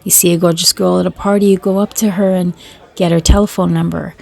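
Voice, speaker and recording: Gravelly, husky woman storyteller. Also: on the low side, little pitch movement, fast talker, darkish tone. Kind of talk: reading short stories and jokes aloud.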